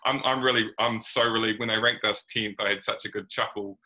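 A man's voice: on the low side, steady tone, fairly quick, bright, forceful tone, rough recording. A New Zealand man hosting a casual basketball chat, rambling and laid-back with plenty of slang. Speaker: podcast host.

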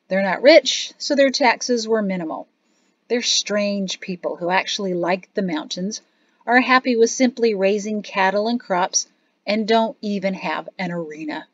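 A woman's voice: mid-range voice, a little slow, no room sound, natural voice. A woman narrator voicing a weary, rueful father who talks in a sad, grumbling way, in a storybook reading. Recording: dry, slightly dull studio audio.

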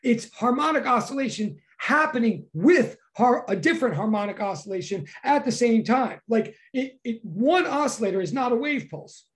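An excitable physics professor in a classroom, talking fast and loose with lots of "like". The delivery swings between quiet asides and loud, emphatic bursts of enthusiasm. It sounds like a live lecture to students. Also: mid-range voice.

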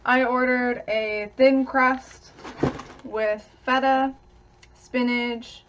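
A woman's voice: a little high, fairly even intonation, very slow, fairly bright tone, muffled recording, slight background noise. A young woman, talking casually to camera while eating, chatty with little giggles. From Canada. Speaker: vlogger.

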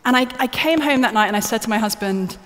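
A woman's voice: a little high, fast talker, a bit bright. A woman giving a live conference talk from the stage, chatty and joking with the audience. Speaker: conference speaker. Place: large conference hall. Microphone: stage microphone. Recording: live hall reverb, faint noise.

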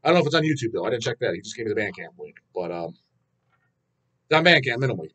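A man hosting a metal channel, ranting bluntly and with heavy swearing in casual talk to viewers, with frequent restarts and drawn-out fillers. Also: medium pitch, big pitch swings, fairly bright tone, slightly rough. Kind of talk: casual rant answering viewer questions.

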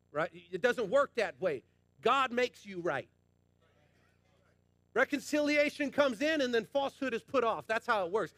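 Male pastor, high voice, passionate colloquial sermon, dry close sound. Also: expressive, moderate pace, long pauses, fairly bright tone, no room sound. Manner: passionate, emphatic preaching with repetition; colloquial, addresses congregation as y'all.

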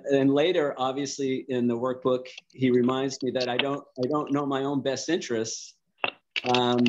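An older man reflects aloud in a group discussion, pausing and restarting as he gathers his thoughts. His voice sits in a middle register, and the video call audio sounds a little muffled and lo-fi. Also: mid-range voice, darkish tone, a little hiss or hum. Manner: thoughtful, halting, many restarts. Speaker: study group participant.

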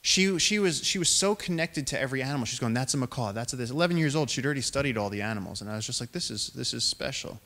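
A man in his thirties speaks to an audience as a naturalist telling stories from his expeditions. He performs the quoted lines, jumping up in pitch and volume for the other voices. His voice sits in an ordinary middle male range. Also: rapid-fire, few pauses. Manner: animated storyteller, acts out quotes in raised voices. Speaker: naturalist and explorer giving a public talk. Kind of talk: storytelling lecture.

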